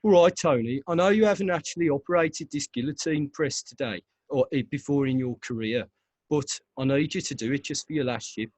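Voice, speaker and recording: A man's voice: fairly high pitch, a little fast, a little mellow, dry recording, natural voice. Brief: man doing Brummie foreman, blunt and matter-of-fact. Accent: Birmingham.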